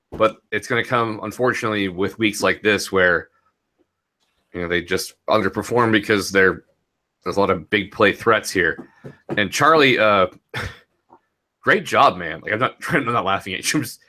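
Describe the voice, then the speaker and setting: A man's voice: lowish voice, sharp tone. A young man talking casually and rambling a bit as he recaps a fantasy football week, laughing easily. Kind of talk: casual podcast chat.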